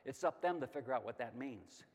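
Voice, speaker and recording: A middle-aged man teaching a Bible lesson, emphatic and lively, asking questions and answering them himself. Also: medium pitch, brisk. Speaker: Sunday school teacher. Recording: long hall reverb.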